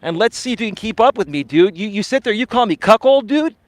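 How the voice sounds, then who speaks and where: A man's voice: high-pitched, expressive, fast talker, no echo. A male dating and life coach ranting on a live stream, confrontational and repeatedly calling his opponent bro and sir.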